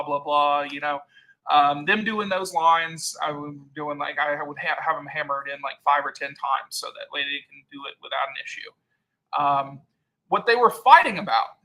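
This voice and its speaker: A man's voice: on the high side, bright, forceful tone, poor audio. A man hosting a casual live-stream chat, telling a heated story and acting out the people he quotes. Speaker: channel host.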